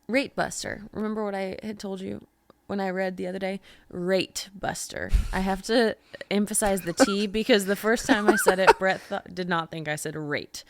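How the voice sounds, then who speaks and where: A woman's voice: medium pitch, no echo. A young adult woman hosting a podcast, chatting casually and animatedly, with lots of "like". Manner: chatty, animated storytelling with frequent "like". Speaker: podcast host. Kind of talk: casual chat.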